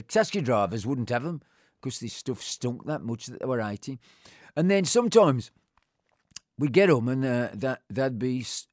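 A man's voice: mid-range voice, darkish tone, no echo, studio quality. A middle-aged man, telling personal memories in a rambling, heartfelt way. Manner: rambling, heartfelt storytelling with frequent restarts. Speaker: interviewee. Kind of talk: personal reminiscence.

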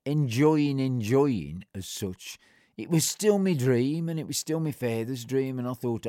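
A man's voice: measured pace, dry recording. Blunt older man telling his story, dry sound. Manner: blunt, plain-spoken, colloquial; acts out remembered exchanges with shifting pitch and loudness. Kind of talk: recounting a personal story.

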